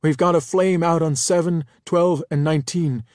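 A man's voice: fairly high pitch, steady tone, normal speed, darkish tone, dry recording, studio quality, voice pushed up, close to an everyday voice. A man voicing a clipped, businesslike female weapons officer in an audiobook. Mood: urgent. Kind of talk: audiobook character voice.

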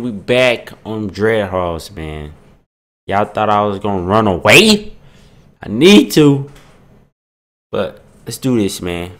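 A man's voice: lowish voice, big pitch swings, takes it slowly, pauses often, fairly bright tone. A young adult man doing jittery, frightened let's-play commentary on a horror game, muttering nervously to his viewers. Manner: jittery, scared, muttering then screaming. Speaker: gaming YouTuber.

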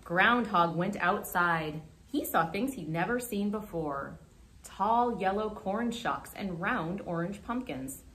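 A young woman librarian reading a picture book to children for a remote storytime. Her voice swings lively up and down as she reads with expressive gasps and emphasis. She sits at a middle pitch and keeps a friendly pace. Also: slow pace. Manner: animated and expressive.

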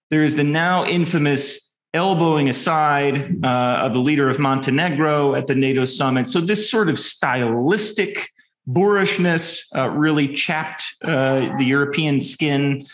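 A man's voice: on the high side, unhurried. A man presenting his research paper from slides, talking informally with many ums and dry, wry asides. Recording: echoey room.

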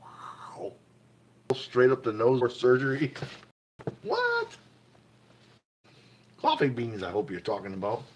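A man speaks briskly at medium pitch, with a little hiss or hum in the background. He's an enthusiastic livestream host casually reading magazine finds, praising them again and again and greeting viewers in chat.

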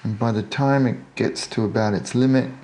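A man's voice: mid-range voice, steady tone, normal speed, dark tone. An Australian man talking through a model painting tutorial in a chatty way, with jokey self-deprecating asides. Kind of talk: casual tutorial narration while painting.

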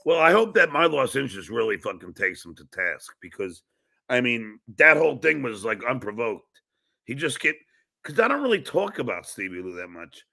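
A man's voice: medium pitch, sing-song, normal speed, creaky, sharp tone. A middle-aged man hosting a podcast, talking in a profane, combative way and ranting about a rival. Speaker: podcast host. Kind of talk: casual podcast chat.

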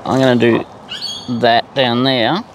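Outdoors among birds and ambient noise, a bird feeder vlogger chats casually to wild cockatoos, teasing them playfully in baby talk. His medium-pitched voice is flat and a little slow, and the recording is noisy.

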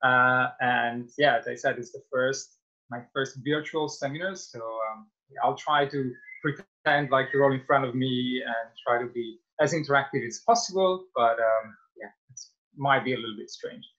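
A man's voice: mid-range voice, moderate pace, pushed and bright. A young man with an Italian accent, a native Italian speaker, giving a webinar talk as guest speaker in a friendly, hesitant way with frequent fillers. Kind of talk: webinar presentation. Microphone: video call. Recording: dull lo-fi video call audio.

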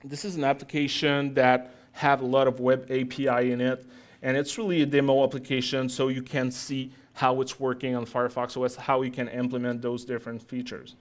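A man presenting a live software demo to an audience, chatty and joking with the crowd between steps. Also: mid-range voice, level tone, a little fast. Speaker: tech conference speaker. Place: talk in front of an audience.

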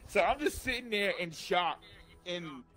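A man shares a childhood story with his friends in a loose, profane, laughing style. His voice sits high for a man and swings widely in pitch. He tells it with lively, animated energy. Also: a little slow. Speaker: gaming channel host.

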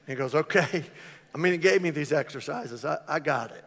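A man's voice: a little high, fairly quick. An older man preaching a sermon as pastor, telling jokes and stories and acting out the voices of people in them. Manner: animated, joking storyteller acting out voices. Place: church sanctuary. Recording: hall reverb.

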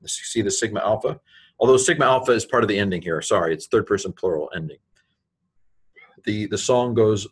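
A man teaching a passage of ancient Greek, talking it through informally with many pauses and fillers. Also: lowish voice, lively intonation, fairly bright tone, slightly rough. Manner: halting, many fillers, rises on quoted Greek.

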